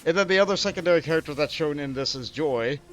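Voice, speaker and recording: A man's voice: fairly high pitch, quick pace. A man streaming a game, chatting casually and laughing often in a self-mocking way as he plays. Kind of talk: casual gameplay commentary.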